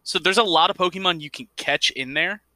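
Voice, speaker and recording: A man's voice: high-pitched, brisk, bright, forceful tone, no echo. A man co-hosting a casual gaming podcast, rambling a bit and correcting himself as he goes. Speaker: podcast co-host.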